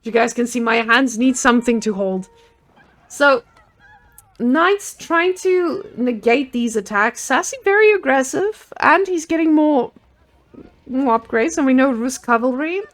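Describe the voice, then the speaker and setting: A woman casts a live strategy game match in an excitable, joking way. Her voice sits on the high side and swoops widely. She talks into a handheld microphone. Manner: playful, excitable, jokey. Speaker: esports caster.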